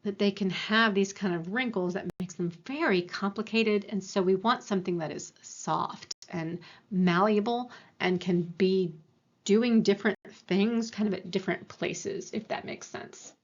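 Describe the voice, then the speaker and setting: A woman's voice: mid-range voice, measured pace. Woman lecturing, slightly muffled recording. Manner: explanatory, with frequent fillers and self-corrections. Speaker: university lecturer.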